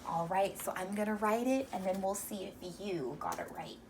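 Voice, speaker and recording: A woman's voice: medium pitch, gravelly, background noise. Encouraging woman teacher, slightly distant mic. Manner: slow, encouraging, sounding out words sound by sound. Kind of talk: reading lesson for young children.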